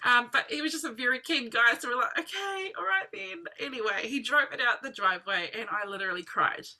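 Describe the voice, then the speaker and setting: Bright-voiced woman. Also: fairly high pitch, quick pace. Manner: animated storytelling, full of "like" and "literally". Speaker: team member sharing testimony. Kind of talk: personal testimony to a group.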